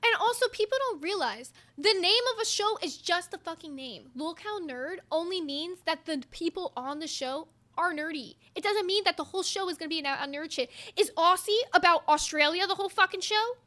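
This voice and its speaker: A woman's voice: extremely high pitch, animated, a little fast, few pauses, pushed and bright. A woman hosting a livestream chat, talking bluntly and swearing often while reading viewer comments. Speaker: show host.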